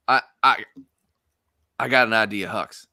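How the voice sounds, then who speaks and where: A man's voice: fairly low pitch, slow pace, no room sound, clean studio sound. A man playing a tabletop game, talking casually and animatedly, often laughing. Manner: animated, laughing, acts out his character. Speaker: player.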